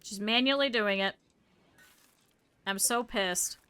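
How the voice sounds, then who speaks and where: Bright-voiced woman streaming a game. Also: medium pitch, slow pace, clear, resonant tone. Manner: chatty, scolds the game characters, swears, talks to chat. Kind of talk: live gameplay stream commentary.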